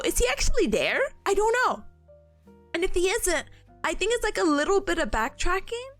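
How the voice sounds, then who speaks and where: A woman's voice: sits high, a bit bright. A young woman streaming and chatting casually with her viewers, bubbly and giggly, with a lot of laughter and playful complaining.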